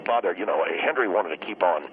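A man's voice: sits low, expressive, quick pace, narrow, tinny audio, slight background noise. A man doing a ranting hot-headed teacher. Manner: ranting, stammering, shouting bursts. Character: blustering middle-aged male teacher, hot-tempered. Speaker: teacher guest on a talk show. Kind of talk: comedic radio talk show sketch.

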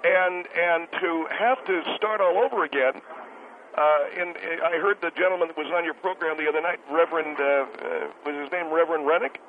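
A man's voice: on the high side, fairly even intonation, normal speed, lightly acted. A man playing a bitter, self-important restaurant owner calling into a talk show, stammering and indignant. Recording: tinny phone line with hiss.

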